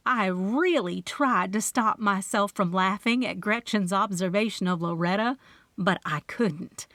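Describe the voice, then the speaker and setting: A woman narrating a cozy mystery audiobook in first person, expressive and playful. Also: mid-range voice, no echo. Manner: expressive storytelling with character voices.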